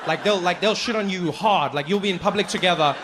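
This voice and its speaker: Animated high-voiced comedian. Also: male voice, fast talker, big-room sound, noisy background. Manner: animated, acts out voices, self-mocking. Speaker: stand-up comedian. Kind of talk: stand-up storytelling. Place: comedy stage.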